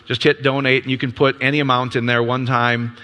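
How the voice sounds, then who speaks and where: A man in his fifties preaching in a relaxed, chatty way, his voice bright and forceful. He keeps tossing out rhetorical questions to the congregation, upbeat and easygoing. His words ring out with a long reverb through a church hall. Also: mid-range voice, a little fast. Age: 50s. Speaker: ministry leader. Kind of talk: casual sermon.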